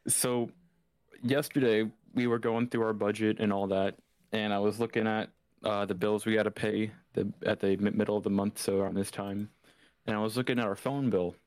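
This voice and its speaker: Male co-host, low register, dry close sound, lively anecdote teller. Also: normal speed, no room sound. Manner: animated storyteller, acts out quoted dialogue. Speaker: podcast co-host. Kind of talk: casual chat.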